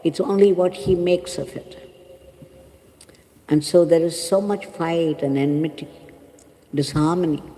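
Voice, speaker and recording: A woman spiritual teacher telling a moral story in a calm, measured sermon. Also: low-pitched, big-room sound, rough recording. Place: ashram hall.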